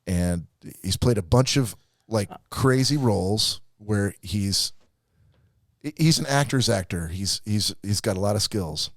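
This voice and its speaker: A man's voice: on the low side, expressive, a little slow, no room sound, clean studio sound. A man co-hosting a podcast, ranting and laughing through a profane movie review in casual chat. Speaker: podcast co-host.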